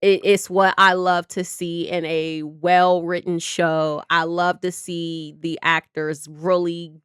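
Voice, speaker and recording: A woman co-hosting a reaction show, talking excitedly and casually about a TV episode, swearing now and then. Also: fairly low pitch, slow pace, clean tone, no room sound, clean studio sound. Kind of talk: casual chat reviewing a TV episode.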